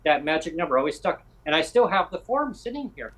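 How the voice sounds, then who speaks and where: Slightly high-voiced man telling a story. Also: very animated, a bit bright, poor audio. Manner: unhurried storyteller, recounts conversations. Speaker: podcast host. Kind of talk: podcast conversation, personal anecdote.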